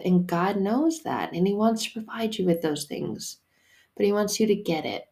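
This faith coach's voice is medium in pitch, gravelly and a little mellow, moving at a normal speed. Hosting her faith podcast alone, she keeps things casual, emphatic and playful, dropping the odd curse word.

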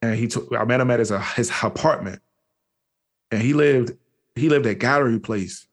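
A man from the Washington, D.C. area is an interview guest, telling personal stories candidly and in slang, often restarting his sentences. His voice is mid-range at a moderate pace.

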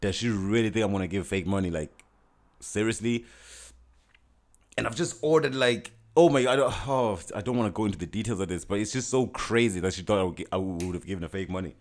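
A young man with a very low, deep voice tells a personal story in a loose, casual way. He talks in an animated rush, restarting sentences and acting out what people said. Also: a little fast. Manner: animated, frequent restarts and quoted dialogue.

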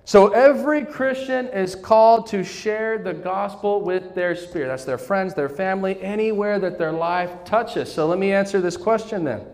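A man's voice: high voice, moderate pace, few pauses, a little mellow. A man preaching a sermon as pastor, calling on the congregation to repeat phrases back to him. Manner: call-and-response preaching, asks congregation to repeat. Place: church sanctuary. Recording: church hall reverb.

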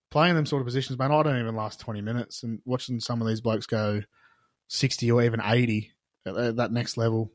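A man's voice: mid-range voice, fairly even intonation, a little fast, no room sound, studio quality. A young Australian man, a podcast guest, telling crude jokes and chatting in a rambling, casual way. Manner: rambling storyteller, crude, laughs through jokes. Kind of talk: casual banter.

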